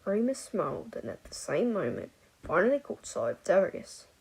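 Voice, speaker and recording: A woman narrating a fan fiction story aloud in an expressive audiobook style. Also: fairly low pitch, normal speed, creaky, over loud music, poor audio. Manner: expressive, voices each character.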